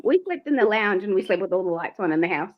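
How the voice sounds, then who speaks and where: She's a livestream co-host with a medium-pitched, expressive voice and a fast way of talking. Her story is told animatedly, full of acted-out quotes and frequent laughs. The livestream mic recording is a bit dull and lo-fi.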